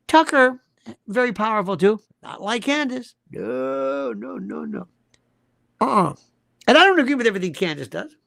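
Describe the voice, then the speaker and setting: Male host, emphatic live-stream monologue, wide swooping delivery, gravelly edge. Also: very high-pitched, moderate pace, dry recording, clean studio sound. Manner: animated, emphatic, repeats rhetorical questions.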